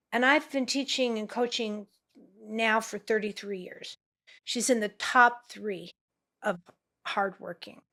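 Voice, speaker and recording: A middle-aged acting teacher and coach from Los Angeles tells stories during a podcast interview. When she quotes people, she performs the lines in a high, excited voice.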